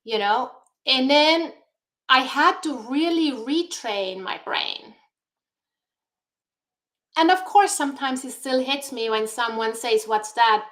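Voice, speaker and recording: A woman guest on a talk show, speaking in a deliberate, encouraging way over a video call. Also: high-pitched, lively intonation, a bit bright. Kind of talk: motivational talk-show chat.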